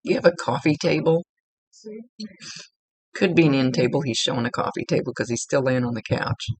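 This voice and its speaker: A woman working as a psychic medium, giving a one-on-one reading and talking in a halting way, often searching for her words. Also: extremely low pitch, a little mellow, husky, dry recording, poor audio.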